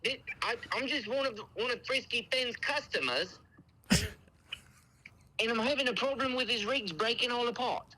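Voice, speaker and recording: Fake-British angry customer, high and bright, stammers and blusters. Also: male voice, unhurried, heavily acted, poor audio. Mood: angry, blustering. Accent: put-on British. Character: irate male customer faking a British accent. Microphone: phone call.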